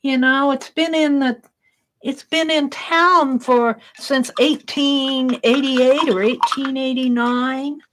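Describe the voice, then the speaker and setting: A woman's voice: high voice, steady tone, slow, fairly bright tone, a little hiss or hum, low-quality recording. A woman hosting an art livestream, chatting casually with her viewers and telling a story while she crafts, in a rambling, giggly way.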